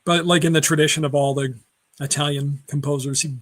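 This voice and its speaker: A man's voice: a little high, fairly even intonation, brisk, a bit bright. A man co-hosting a casual film chat show, rambling through trivia with many fillers and self-corrections. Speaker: podcast co-host.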